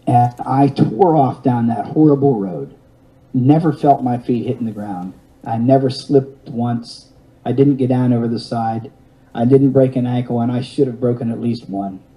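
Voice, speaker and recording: Mellow-voiced man in his fifties spinning a yarn. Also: medium pitch, poor audio. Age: 50s. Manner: rambling with restarts and wry self-mocking humor. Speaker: guest telling a personal story. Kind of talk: storytelling in an interview.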